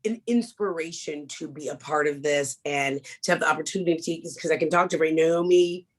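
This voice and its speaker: Woman, low pitch, motivational workshop leader; animated, interactive, candid. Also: fairly quick. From Kansas. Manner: warm, animated, leads the group in affirmations. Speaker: motivational speaker.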